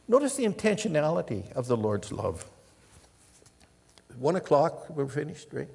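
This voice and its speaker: An older man preaching a sermon, telling stories and moving between loud emphasis and hushed, quiet passages. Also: fairly high pitch, very animated, normal speed, vocal fry, pauses often, husky, big-room sound. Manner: storytelling, swings from loud emphasis to hushed near-whispers. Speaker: pastor.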